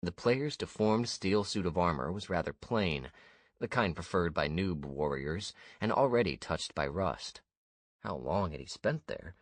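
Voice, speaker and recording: A man narrating a first-person fantasy audiobook in a steady, measured way. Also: deep voice, no echo.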